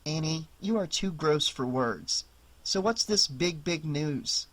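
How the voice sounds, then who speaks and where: A narrator voicing a shy, sensible teenage girl babysitting, in a gentle, slightly anxious voice. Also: mid-range voice, expressive, takes it slowly, no echo. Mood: embarrassed.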